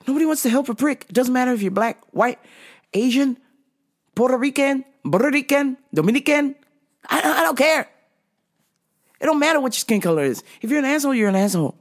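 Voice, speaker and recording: A middle-aged woman hosts a podcast and tells a story from work. Her pitch swings widely as she acts out each person in it. She swears freely along the way. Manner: animated, acts out customer's lines. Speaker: podcast host. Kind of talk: storytelling anecdote.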